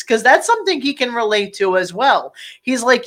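A woman's voice: medium pitch, moderate pace, few pauses. A woman in casual chat, rambling through a film scene and acting out the characters' lines. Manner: rambling, animated, acts out quotes. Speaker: podcast co-host discussing a film.

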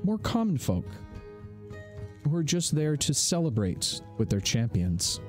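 A man hosting and narrating a live tabletop game as game master, relaxed and chatty, often laughing. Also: a little high, unhurried, soft background music. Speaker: game master and show host.

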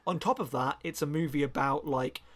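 A man's voice: a little high, fairly quick, fairly bright tone. A man co-hosting a podcast, rambling enthusiastically through a casual chat and often correcting himself mid-sentence. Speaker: podcast co-host.

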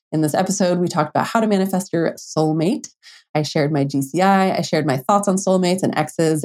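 Chatty lower-pitched woman podcast coach. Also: a little mellow. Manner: casual, chatty, lots of "like", mild swearing, playful quoted inner voices. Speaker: dating and manifestation coach, podcast host. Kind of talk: solo podcast monologue.

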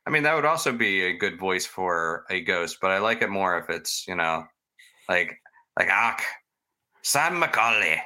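Bright-voiced man telling ghost tales. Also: low-pitched, brisk, hardly any pauses. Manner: chatty, rambling, self-mocking. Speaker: podcast host telling ghost stories. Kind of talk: casual storytelling chat.

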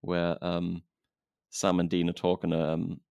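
Deep gravelly man chatting casually. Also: takes it slowly, no echo. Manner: rambling, relaxed, restarts and trailing thoughts. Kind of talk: casual podcast chat.

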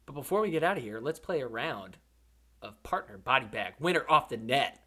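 A man hosting a podcast, giving casual, joking commentary over sports highlights. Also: lively intonation, brisk, very noisy. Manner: playful, joking, laughs often. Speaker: podcast host.

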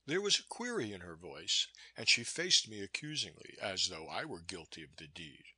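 A male audiobook narrator with a husky yet sharp, forceful tone. His pitch moves in lively arcs as he reads in a measured, expressive way. The recording is dry and close. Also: dry recording. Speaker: audiobook reader. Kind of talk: scripted narration of a classic novel.

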